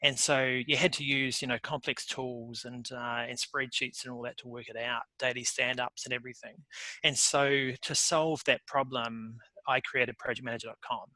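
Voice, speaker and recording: A man in his forties with a New Zealand accent, a guest telling his career story in a relaxed way with fillers. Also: mid-range voice, moderate pace, no room sound, rough recording. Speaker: guest, software company founder. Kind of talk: casual interview talk.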